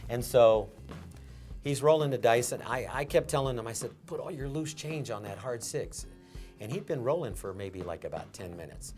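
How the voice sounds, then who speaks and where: An older man, a former casino dealer from Las Vegas, telling an animated story in an interview and acting out the lines of the people in it. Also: mid-range voice, moderate pace, faint music behind. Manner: animated storyteller, acts out quotes.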